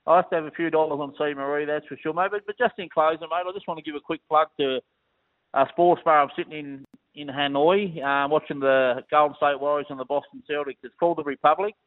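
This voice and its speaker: A man's voice: fairly high pitch, steady tone, fast, no room sound. A chatty Australian man phones in with his racing tips, sprinkling his talk with friendly asides. The line is tinny and phone-like, dry and close. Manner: chatty, matey, keeps saying mate. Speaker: racing tipster calling in. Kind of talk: casual phone chat.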